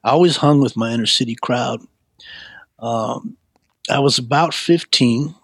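A man recounting his past as an interview guest, in a casual, street-wise storytelling manner that turns animated at the high points. His voice sits at an everyday middle pitch, recorded close and dry. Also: measured pace, husky, no room sound. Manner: animated, laid-back street talk.

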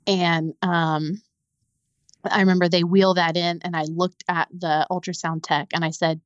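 A young adult woman, a podcast guest, telling a painful personal story in a halting way, repeating words when it gets hard. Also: lowish voice, steady tone, dry recording, muffled recording.

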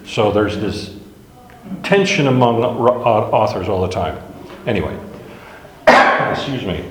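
A man's voice: fairly low pitch, takes it slowly, pauses often, slight background noise. Man teaching a Bible class, echoey room. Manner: wry, self-deprecating, chuckles at his own jokes. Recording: echoey room with long reverb.

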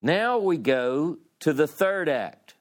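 Slow, deliberate male Bible teacher. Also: fairly high pitch, very animated. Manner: reads scripture aloud with dramatic emphasis, then explains in a loose conversational way; slow and deliberate, with frequent restarts. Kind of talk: scripture class lecture.

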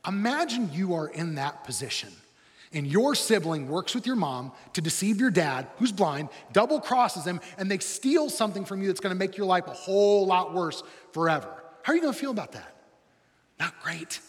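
A man preaching a sermon as pastor, telling the story in a lively, humorous way. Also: high-pitched, brisk, long reverb tail.

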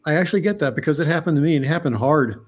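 A man's voice: a little high, racing. A man, an underwater diver and cameraman, recounting a story as a guest in a casual interview, earnest and full of restarts and fillers.

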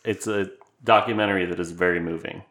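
A man co-hosts a relaxed podcast conversation. He jokes through mock-serious exaggerations and keeps a straight face. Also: low voice, fast talker. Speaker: podcast co-host. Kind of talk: casual chat.

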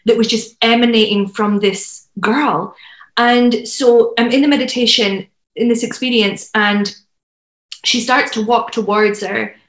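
A woman's voice: a little high, steady tone, unhurried. A woman guest sharing a heartfelt personal story, earnest, with lots of fillers. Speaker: podcast guest, business mentor. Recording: roomy, dull lo-fi sound.

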